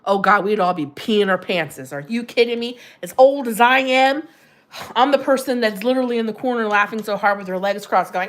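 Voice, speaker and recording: A woman's voice: medium pitch, normal speed. A middle-aged woman hosting a casual livestream, chatting and giggling as she answers viewers' comments. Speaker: livestream host.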